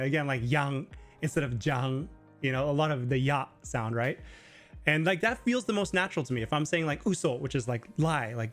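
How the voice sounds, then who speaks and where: A man hosting a live teaching stream talks through his points in a loose, chatty way, leaning on lots of filler words. His voice sits a little on the high side. Faint music plays behind him. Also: big pitch swings, brisk, fairly bright tone. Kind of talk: casual live Q&A explanation. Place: living in Japan.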